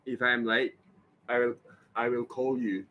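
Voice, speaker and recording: Guy drilling english words out loud, super slow, bit of hiss behind. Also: medium pitch, little pitch movement, dull audio. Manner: slow, repeats and corrects words. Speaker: English learner practicing aloud. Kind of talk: pronunciation practice, repeating words.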